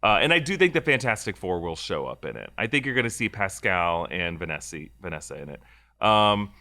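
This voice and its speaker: A man's voice: low voice, very animated, brisk, sharp tone. A man co-hosting a movie rumor show, chatting casually with lots of fillers and restarts. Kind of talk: casual podcast chat.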